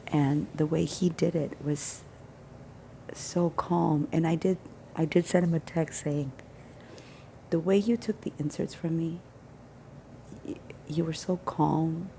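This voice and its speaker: Speaking directly to the camera, a woman vlogger shares a personal story in a low, gravelly, mellow voice. Her delivery is earnest and emphatic, frequently dropping to a hushed near-whisper, with a steady tone, a slow pace and long pauses. It's casual vlog storytelling, and a faint hum of noise lingers in the background.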